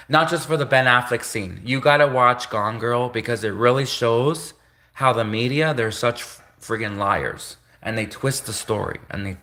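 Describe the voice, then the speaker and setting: A man hosting a live stream in a bright, forceful voice. He rambles and repeats himself in a conspiratorial tone. He keeps cutting himself off mid-sentence to correct himself. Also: mid-range voice. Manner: rambling, repetitive, conspiratorial, self-interrupting. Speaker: livestream host.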